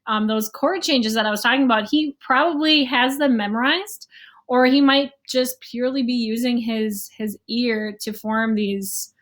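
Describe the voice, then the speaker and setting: A woman's voice: on the high side, steady tone, normal speed, a bit bright. A young adult woman giving a casual online music lesson, explaining rhythm and scales and sometimes humming or counting beats aloud. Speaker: music teacher.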